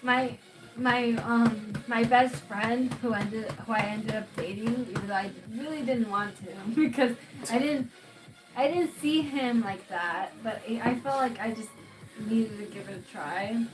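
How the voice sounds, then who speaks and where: Giggly young woman, high-voiced. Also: unhurried, background noise. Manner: giggly, animated storytelling with frequent laughter. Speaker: livestream co-host. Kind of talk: casual chat. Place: home livestream setup.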